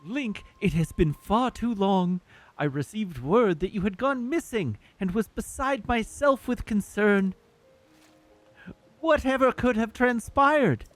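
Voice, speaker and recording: A man's voice: sits high, animated, slow pace, faint music behind. A man reading game dialogue aloud in his own voice as an earnest, formal fish-prince who speaks with courtly politeness. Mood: concerned.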